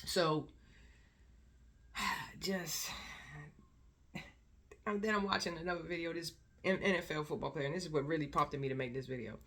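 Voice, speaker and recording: A woman's voice: deep voice, normal speed, pauses often, a bit bright. A woman vlogger in casual commentary, talking emphatically and repeating words for stress.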